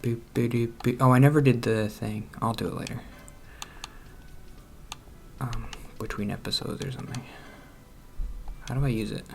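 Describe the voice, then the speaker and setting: A man hosting a let's play, musing aloud in a rambling, self-deprecating way with soft laughs. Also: medium pitch, steady tone, moderate pace, creaky, pauses often, over music. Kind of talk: casual commentary while gaming.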